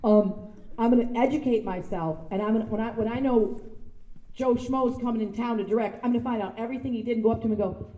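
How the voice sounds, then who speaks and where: Animated woman telling stories in an echoey hall. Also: a little high, quick pace, muffled recording. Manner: animated storytelling, acting out voices with laughter. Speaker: guest speaker. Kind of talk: anecdotal speech to an audience. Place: large sound stage before an audience. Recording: echoey room.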